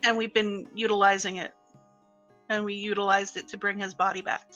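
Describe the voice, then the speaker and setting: Woman, tabletop player, crisp bright voice, dull lo-fi mic. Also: mid-range voice, level tone, a little fast, faint music behind. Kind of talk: casual tabletop play.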